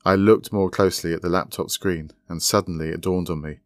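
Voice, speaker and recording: Low-voiced guy reading his short story, calm and even, super dry close sound. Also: a little fast, no room sound. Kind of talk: scripted narration of a short story.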